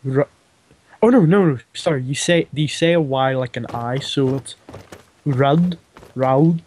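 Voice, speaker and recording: On voice chat, a young man plays a game alongside a friend, joking and giggling and often apologizing for teasing him. His mid-range voice moves at a moderate pace and sounds a little mellow.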